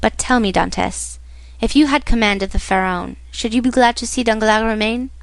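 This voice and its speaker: A kindly, fatherly older shipowner who speaks with gentle encouragement, as a woman reads him. The pitch is fairly high and the sound is dry, with no room echo. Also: fairly even intonation, normal speed, creaky.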